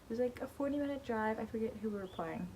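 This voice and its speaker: A woman's voice: a little high, fast talker, background noise. A teenage girl vlogging, chatting casually about her embarrassing moments with lots of "like" and rambling asides. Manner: chatty, rambling, heavy use of "like". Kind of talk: casual storytelling to camera.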